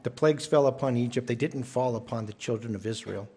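A man's voice: mid-range voice, fast talker, darkish tone, husky. A man preaching a sermon as pastor, emphatic and often repeating his first words as he starts a phrase.

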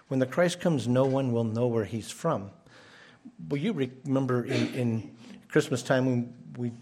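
Male pastor, mid-range voice, earnest sermon delivery with repeats and emphatic rises. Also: darkish tone. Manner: earnest, repeats words when restarting, rises in pitch for emphasis. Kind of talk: expository sermon.

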